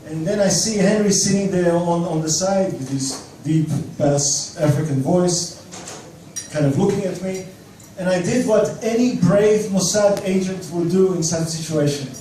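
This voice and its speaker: Self-mocking storyteller man on a cafe stage. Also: high voice. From Australia. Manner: self-mocking, lively narration. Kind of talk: live storytelling. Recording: echoey room, distant mic, faint noise.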